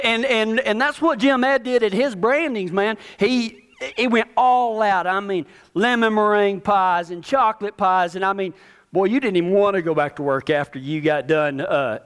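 High-voiced man spinning a yarn. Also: a bit bright. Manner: folksy, plainspoken, with repetitions and rural phrasing. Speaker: storyteller. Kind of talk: casual spoken storytelling.

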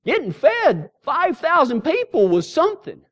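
A middle-aged man, a pastor, delivers a storytelling sermon packed with folksy, humorous tales, telling them in an animated way. His voice is extremely high-pitched at a normal pace, and the recording sounds muffled.

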